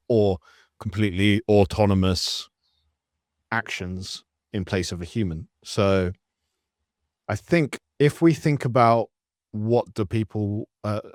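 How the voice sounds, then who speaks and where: A man hosting a tech podcast, explaining topics in a relaxed, conversational way. His voice is fairly low, and the sound is close and dry. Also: dry recording. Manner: easygoing, explanatory, with filler ums and restarts. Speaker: podcast host.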